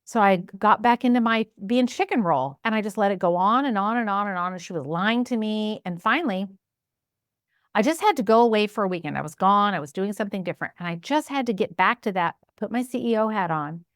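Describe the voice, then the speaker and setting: A woman's voice: mid-range voice, a little fast, dry recording, clean studio sound. A woman business coach telling stories and giving advice in a casual way, acting out her own thoughts and what others said. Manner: animated, acts out her own inner voice and quotes.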